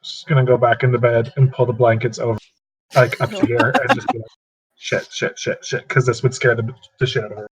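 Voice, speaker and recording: A man's voice: mid-range voice, little pitch movement, fast, a little hiss or hum, low-quality recording. A man playing a tabletop game, animatedly describing what his character does. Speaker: player. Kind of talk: casual tabletop role-play.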